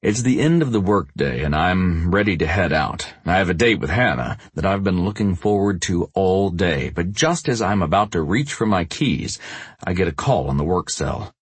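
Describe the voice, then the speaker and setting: Deep, husky male audiobook narrator. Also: expressive, moderate pace, no echo. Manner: voices characters by raising his pitch. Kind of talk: first-person audiobook narration.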